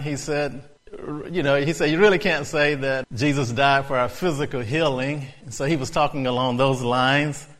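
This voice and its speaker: A man preaching a sermon, storytelling in a conversational way before building to loud, excited preaching. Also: fairly high pitch.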